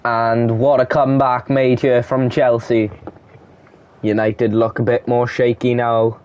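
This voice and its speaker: A man's voice: medium pitch, little pitch movement, unhurried, clear, resonant tone, highs cut off. A young man giving casual play-by-play commentary on a football video game, reading off player names in short bursts. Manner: calls player names in short bursts, shouts at goals and chances.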